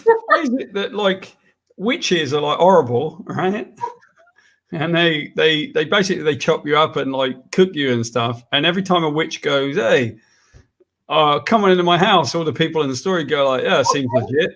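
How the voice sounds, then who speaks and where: A man's voice: on the high side, animated, moderate pace, fairly bright tone. A man co-hosting a casual chat show, jokey and playful, often interrupting. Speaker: co-host.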